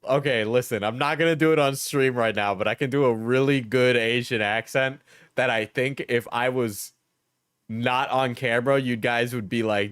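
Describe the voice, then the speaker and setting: A man with a New York accent chatting casually on a live stream, joking and rambling, with his voice a little hoarse. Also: medium pitch, steady tone, moderate pace, a bit bright, no echo, studio quality. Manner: joking, rambling, laughs often.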